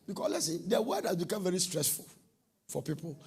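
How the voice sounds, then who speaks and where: A middle-aged man preaching a sermon, swinging from soft, low talk to shouted, sing-song bursts. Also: expressive, fairly quick, creaky, breathy edge.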